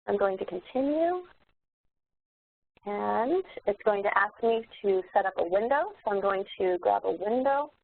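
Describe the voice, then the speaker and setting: A woman instructor demonstrating software in a live webinar, explaining steps in a relaxed way with many fillers and restarts. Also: medium pitch, vocal fry. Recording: tinny phone-like webinar audio.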